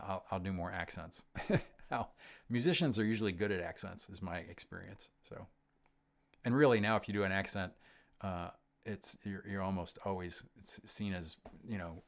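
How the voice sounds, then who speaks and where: A middle-aged man hosting a livestream, reading out viewer comments and answering them in a relaxed, rambling way with many pauses and restarts. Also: sits low, gravelly. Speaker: host of a gear livestream.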